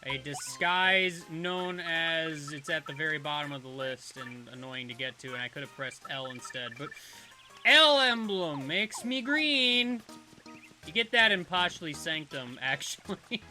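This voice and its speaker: A man's voice: a little high, expressive, unhurried, bright, forceful tone, soft background music. A young man rambling casually through gameplay commentary, laughing at his own asides. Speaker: let's play host.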